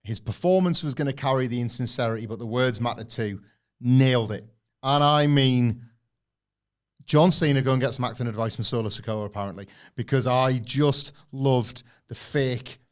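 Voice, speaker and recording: Podcast co-host, rambling analysis. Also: male voice, medium pitch, moderate pace. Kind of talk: casual review chat.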